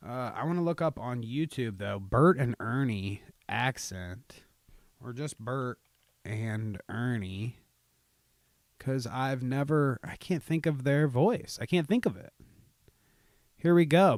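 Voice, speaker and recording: A man's voice: medium pitch, animated, slow, no echo. A young man hosting a casual livestream podcast, ranting sarcastically with lots of swearing. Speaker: podcast host.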